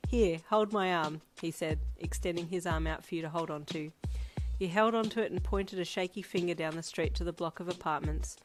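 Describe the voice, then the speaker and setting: Woman, fan fiction audiobook narrator, steady storytelling, lowish voice, clear background music. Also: fairly quick. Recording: music playing underneath.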